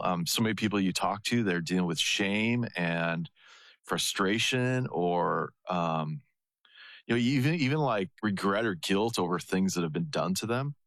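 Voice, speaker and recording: A man in his fifties, a guest on a faith radio show, speaking in a relaxed way and laughing easily. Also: low-pitched, no echo. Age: 50s.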